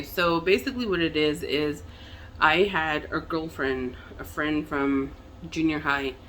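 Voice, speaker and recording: A young adult woman from the Navajo Nation, talking to camera in a candid personal vlog, halting with fillers and restarts. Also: sits low, fairly bright tone, a little hiss or hum. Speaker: vlogger.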